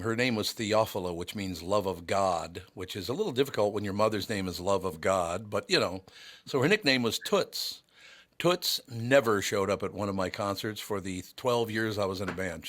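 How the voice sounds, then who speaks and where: Chatty Minnesota-born talk show host. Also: male voice, lowish voice, normal speed, fairly bright tone. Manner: chatty storyteller, laughs easily. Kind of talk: casual talk show chat.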